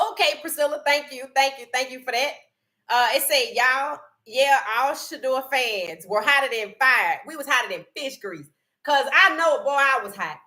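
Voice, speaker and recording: A woman hosting a live sports stream in casual chat, animated and laughing often as she greets viewers in the chat by name and speaks. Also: high voice. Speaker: livestream sports host.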